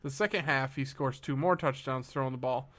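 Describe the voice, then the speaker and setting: A man's voice: mid-range voice, fairly quick, a bit bright. A man co-hosting a casual podcast chat, ranting and swearing freely. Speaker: podcast co-host.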